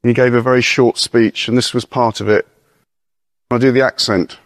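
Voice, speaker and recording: An earnest male preacher of middle pitch speaks in a conversational sermon. He reads verses aloud slowly and deliberately, then turns to casual asides and rhetorical questions. The sound is dry and close, with no room around it. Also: steady tone, no echo. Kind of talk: conversational sermon with scripture reading.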